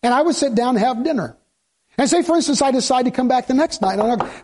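A man's voice: very high-pitched, quick pace, darkish tone. A male pastor preaching a sermon in a conversational way, asking the congregation questions and slipping in jokes.

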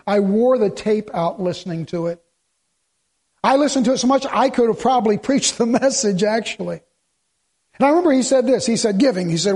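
A man's voice: high-pitched, lively intonation, a little fast, darkish tone. A man preaching a sermon in church, quoting scripture and asking his congregation rhetorical questions, sometimes sarcastic. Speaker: pastor.

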